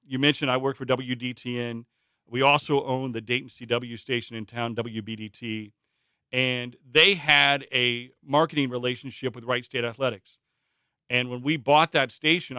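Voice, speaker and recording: A middle-aged man from Indiana, a stadium announcer, telling anecdotes in a relaxed interview with frequent fillers. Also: mid-range voice, clear, resonant tone, no room sound, clean studio sound. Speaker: interview guest, public address announcer. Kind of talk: conversational storytelling.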